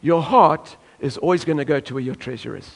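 A man's voice: a little high, brisk, vocal fry. A man from South Africa preaching a sermon emphatically, now and then acting out voices from the congregation. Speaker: pastor.

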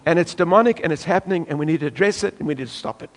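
High-voiced preaching man from South Africa. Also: fast, few pauses. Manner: emphatic preaching, acting out congregation voices. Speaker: pastor. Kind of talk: sermon.

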